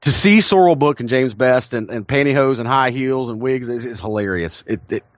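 A man's voice: medium pitch, moderate pace, no echo, muffled recording. A man with a Southern American accent, co-hosting a podcast and telling stories with enthusiasm and frequent laughs. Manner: enthusiastic storyteller, laughs often. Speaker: podcast co-host. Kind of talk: casual chat.

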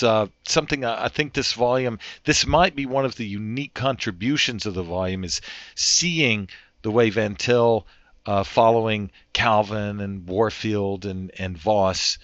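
A man's voice: on the low side, unhurried, fairly bright tone, no echo, dull audio. A man discussing theology in an interview, in an emphatic, lecturing way that often repeats words as he restarts. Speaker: theologian guest.

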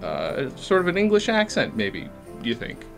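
An actor playing an awkward, patient man confronting his friend, talking in a hesitant, halting, polite way in a comedy sketch. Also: medium pitch, huge pitch swings, creaky, over music.

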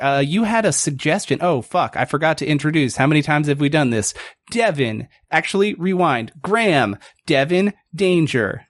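Brief: podcast host, man, slightly high voice, dry close sound, laughs and swears a lot. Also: dry recording. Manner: laughs often, swears freely. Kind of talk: casual chat.

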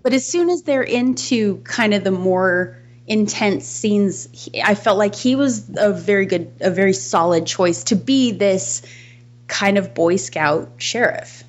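A woman's voice: medium pitch, expressive, a little slow, highs cut off. A woman co-hosting a podcast in casual film discussion, thoughtful, restarting her sentences and laughing between points. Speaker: podcast co-host.

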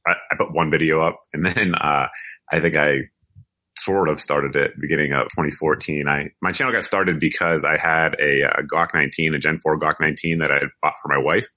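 Very deep-voiced man telling his story. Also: steady tone, fairly quick, sharp tone. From United States. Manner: rambling, self-correcting storyteller. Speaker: podcast guest, firearms video reviewer. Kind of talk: casual interview talk.

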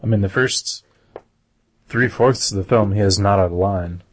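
Husky, low male co-host; loose jokey banter about films. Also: measured pace. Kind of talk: casual film discussion.

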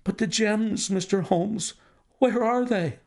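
Man doing a panicked elderly banker, voice pushed high and wobbly, gravelly edge. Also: slow pace, darkish tone. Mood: anguished. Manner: pleading, high-strung. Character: distraught wealthy older male banker.

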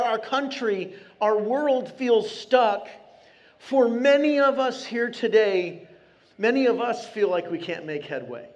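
Pastor guy with a pretty high voice, earnest and chatty, preaching from the pulpit. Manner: earnest, conversational, with emphatic slow phrasing. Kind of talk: sermon. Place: church sanctuary.

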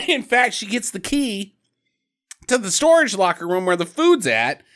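Podcast co-host, male, high and very lively voice, jokey recap chat with character impressions. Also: measured pace. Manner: animated, jokey, mimics characters. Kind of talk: casual movie recap chat.

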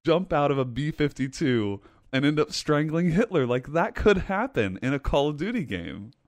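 A man co-hosting a gaming podcast, speaking in casual chat. He is animated and emphatic and repeats points for effect. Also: on the high side, normal speed, dry recording. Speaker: podcast host.

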